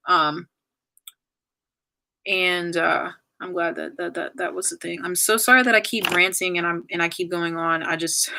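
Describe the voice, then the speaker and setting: A woman's voice: lowish voice, pushed and bright, rough recording. A young woman chatting casually to viewers on a livestream. She rambles with many fillers and restarts, calls them y'all, and fights back tears. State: tearful, crying at times. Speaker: YouTuber ending her channel on a livestream. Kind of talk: casual livestream chat, reading viewer comments.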